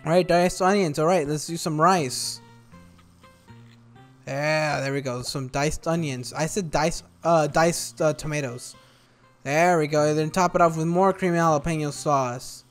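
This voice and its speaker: A man's voice: on the high side, steady tone, a little slow, soft background music. A young man hosting a gaming video, playing a cooking game and teasing the game's customers in a playful way, recorded at home on a desktop microphone. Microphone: desktop USB microphone.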